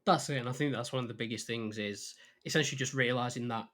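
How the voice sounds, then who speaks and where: A man's voice: medium pitch, fast talker, a bit bright. A man with a mid-range voice hosts a casual podcast. He is friendly and easygoing, laughs along with his guest and asks his usual questions. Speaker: podcast host.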